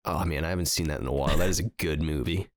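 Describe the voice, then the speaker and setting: A man with a low voice rambles through a funny story on a casual podcast, full of fillers and bursts of laughter. The sound is dry and close. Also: very fast, no echo. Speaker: podcast co-host. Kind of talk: casual chat.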